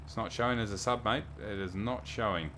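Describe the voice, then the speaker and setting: Low-voiced New man chatting on stream. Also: a little fast, bright, forceful tone, slight background noise. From New Zealand. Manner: chatty, reads viewer messages aloud and thanks them. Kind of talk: casual livestream chat.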